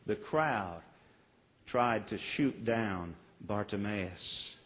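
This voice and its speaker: Pastor preaching in a reverberant hall. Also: male voice, lowish voice, animated, a bit bright. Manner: earnest preaching with dramatic pauses and acted quotes. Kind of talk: sermon.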